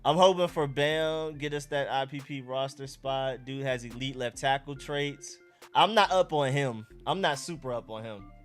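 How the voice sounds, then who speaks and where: A man's voice: mid-range voice, moderate pace, soft background music. A young man with an Atlanta accent, hosting a casual live stream and reacting to chat and talking to his dog. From Georgia.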